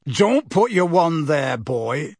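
Gruff, suspicious old wizard, growling and barking, as a male narrator puts him on, husky and dry. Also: on the high side, lively intonation, moderate pace, fairly bright tone, no room sound, heavily acted. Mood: scolding.

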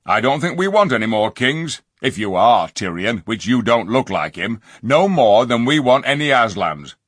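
Man voicing a sneering dwarf, gruff, jeering, slightly raised voice, husky, dry recording. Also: mid-range voice, very animated, moderate pace, fairly bright tone, dry recording, voice pushed up. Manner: gruff, jeering, working-class speech. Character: surly sneering male dwarf, black-bearded and scornful.

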